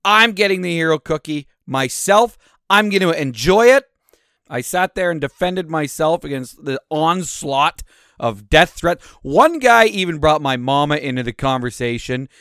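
A man hosting his own podcast, ranting angrily with constant swearing and big swings in loudness. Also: on the high side, animated, moderate pace, clear, resonant tone, dry recording, clean studio sound. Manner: profane, angry ranting with swings in volume. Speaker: podcast host.

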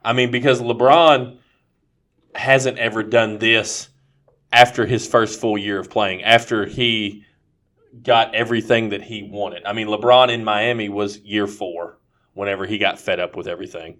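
A man's voice: lowish voice, steady tone, moderate pace, fairly bright tone. A man co-hosting a casual sports podcast, joking and giving brash hot takes. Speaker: podcast co-host.

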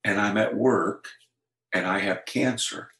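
Low-voiced older pastor, earnest, telling his story, roomy echo. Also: unhurried, fairly bright tone. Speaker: pastor, interview guest. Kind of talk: personal testimony in conversation.

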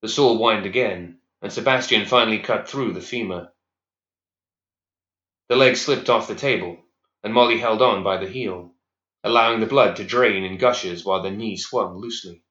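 Deep-voiced man narrating a dark audiobook. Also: normal speed. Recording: echoey, slightly dull recording.

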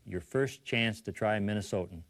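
A man narrating an instructional comedy video in a dry, deadpan, mock-instructional manner. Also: on the low side, normal speed. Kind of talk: scripted dry-humored narration.

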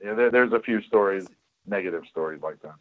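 Rambling low-voiced man on a phone line. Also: a little fast, dry recording. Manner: rambling, self-deprecating, many fillers and restarts. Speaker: guest, former studio worker. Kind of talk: casual storytelling interview.

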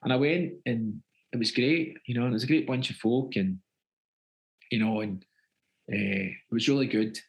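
A man's voice: mid-range voice, moderate pace, vocal fry, pauses often, poor audio. A Scottish man, a guest actor, chatting casually in a rambling way with plenty of fillers. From Scotland. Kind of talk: casual interview chat.

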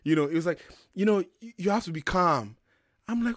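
Young man, blunt profane rant, fairly high voice, dry close sound. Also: brisk, no echo. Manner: blunt, profane, animated storytelling. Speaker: podcast host. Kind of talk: heated casual rant.

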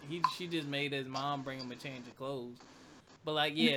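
A man's voice: medium pitch, moderate pace, heavy background noise. A man telling a childhood story in a casual, profane chat, laughing often. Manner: animated, laughs loudly, profane. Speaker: co-host.

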